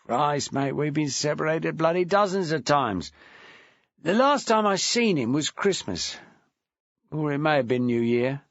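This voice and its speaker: A man's voice: on the high side, expressive, measured pace, no echo, dull audio. A man putting on a coarse, crude ex-wife. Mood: coarse, defiant. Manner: crude, sharp-tongued, snappish. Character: coarse, brash chain-smoking ex-wife, a woman.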